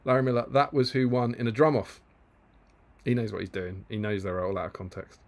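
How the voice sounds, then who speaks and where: A man from Greater London, around his thirties, co-hosting a relaxed live stream. He reads comments aloud and chats with a mid-pitched voice, laughing easily and tripping over his own starts. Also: brisk. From Greater London, England. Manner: chatty, laughs often, lots of restarts and fillers. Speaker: co-host reading live chat. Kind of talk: casual livestream chat.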